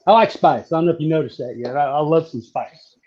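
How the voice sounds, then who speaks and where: A man from southeastern Virginia, chatting casually while demonstrating how to fry catfish. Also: a little high, quick pace. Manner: folksy, relaxed, drawling. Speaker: cooking guest. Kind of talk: casual cooking demo on a live stream. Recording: dull lo-fi stream audio.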